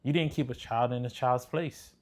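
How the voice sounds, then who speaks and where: A man's voice: medium pitch, fairly even intonation, moderate pace, darkish tone. A man giving blunt, preachy commentary on relationships, swearing freely as he reacts to clips. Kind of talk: casual commentary.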